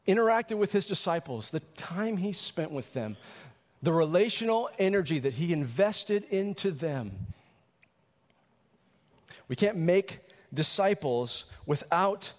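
Preaching man with a high voice. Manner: emphatic preaching, drawn-out key words. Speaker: pastor. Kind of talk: sermon. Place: church sanctuary. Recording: church hall reverb.

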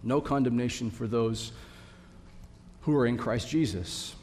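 A man's voice: medium pitch, a little slow, darkish tone, a little hiss or hum. A man preaching a sermon to his congregation, earnest and building to emphatic repetition. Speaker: pastor. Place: church sanctuary. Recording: long reverb of a hall.

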